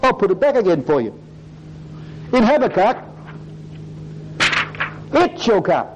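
A high-voiced man preaching, his pitch swooping widely from low murmurs to lifted peaks. He delivers the sermon in a rhythmic preaching cadence. The recording is dull and lo-fi, with the top end muffled. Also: very animated, unhurried, a little hiss or hum. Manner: rising and falling preaching cadence, repeated "brothers and sisters".

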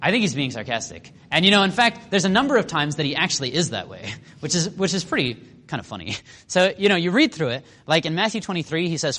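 A man preaching a sermon in a casual, animated way, acting out quotes with sarcasm and lots of fillers. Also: on the high side, brisk.

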